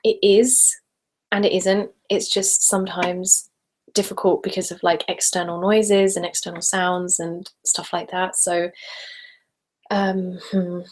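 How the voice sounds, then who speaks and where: A British woman hosting a casual live stream, reading viewer comments aloud in a chatty way on a stereo recorder, at times dropping into soft whispers. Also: on the low side, little pitch movement, unhurried. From Britain. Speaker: ASMR channel host. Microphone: stereo handheld recorder.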